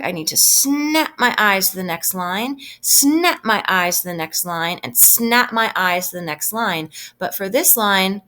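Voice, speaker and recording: Brief: woman teacher, slightly low voice, patient and deliberate, recorded lesson for kids, keeps tagging "right?". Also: a bit bright. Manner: patient, with frequent tag "right?"; slows down to stress key phrases. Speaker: elementary school teacher. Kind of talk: recorded reading lesson for children.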